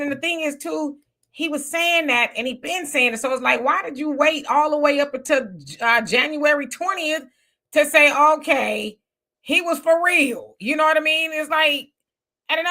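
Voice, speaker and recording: A woman's voice: sits high, bright, forceful tone. A woman co-hosting a casual live stream, chatting loosely and reading out viewer donations and messages. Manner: loose, conversational, reads viewer messages aloud.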